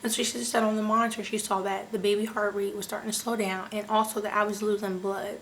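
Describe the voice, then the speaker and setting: Young woman vlogging, chatty and animated, mid pitched, tells a long story to her viewers. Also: fast talker, slight background noise. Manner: animated, chatty, heavy use of "like" and "you guys". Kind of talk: casual storytelling to camera.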